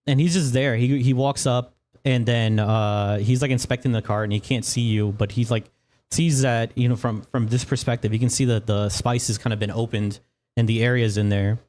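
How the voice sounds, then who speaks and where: A man's voice: mid-range voice, fairly even intonation, moderate pace, a little mellow. Laid-back, swearing male game master. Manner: loose, profane and laughing. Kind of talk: narrating a tabletop game.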